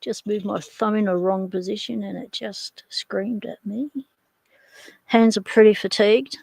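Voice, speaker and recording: An Australian woman with a gravelly, fry-edged voice chats casually on a livestream. She rambles and answers viewers while working on hardware with her hands, in a dry, close-sounding setting. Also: medium pitch, steady tone, unhurried, darkish tone, no echo, rough recording. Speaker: livestream host.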